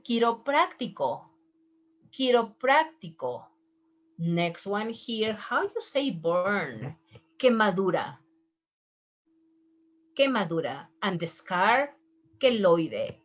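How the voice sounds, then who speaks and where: A woman whose first language is Spanish, teaching medical Spanish terms slowly, repeating each word twice and explaining as she draws. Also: medium pitch. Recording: dull lo-fi sound.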